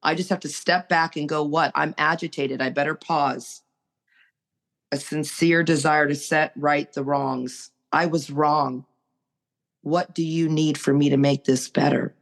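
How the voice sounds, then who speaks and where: A woman's voice: low voice, steady tone, measured pace, gravelly. Earnest woman exhorting recovery listeners. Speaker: recovery group member. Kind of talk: recovery podcast sharing.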